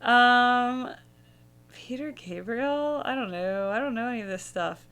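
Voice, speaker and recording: A woman's voice: a little high, slow, fairly bright tone, clean tone. A young woman hosting a music reaction video, musing casually and humming bits of melody as she rambles.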